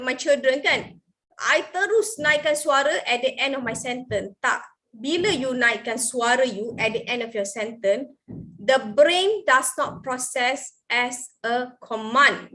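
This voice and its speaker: Woman, Malaysian accent, high-pitched, middle-aged, code-switching explainer, teacher-training talk. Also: a bit bright. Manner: mixes Malay and English freely, explanatory. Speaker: education speaker for teachers. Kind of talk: sharing-session talk to teachers.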